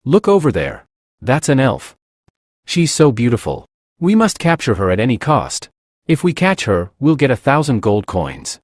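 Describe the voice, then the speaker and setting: A man's voice: mid-range voice, very animated, moderate pace, no echo, studio quality. A man reading a greedy thug. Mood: eager. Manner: plainly read, barely acted. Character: adult male thug hunting an elf, greedy.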